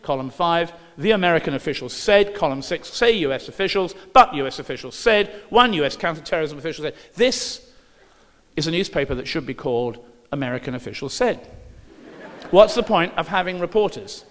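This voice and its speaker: A man's voice: a little high, lively intonation, a little fast, fairly bright tone, big-room sound. A man giving a lecture, reading newspaper passages aloud and breaking in with dry, sarcastic asides.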